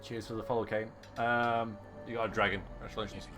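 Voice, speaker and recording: This streamer talks fast in a lowish, level, fairly bright voice as he plays a game. He keeps things chatty and casual, cracking jokes for his audience and laughing a lot, with game music faintly audible.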